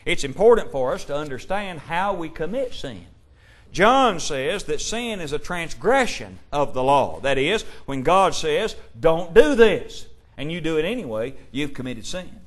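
A man's voice: a little high, very animated, normal speed. A man preaching a sermon, emphatic and full of rhetorical questions, quoting scripture in old-fashioned wording.

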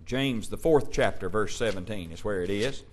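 A man's voice: on the low side, moderate pace, a little hiss or hum. A man preaching a sermon, emphatic and full of rhetorical questions, quoting scripture in old-fashioned wording.

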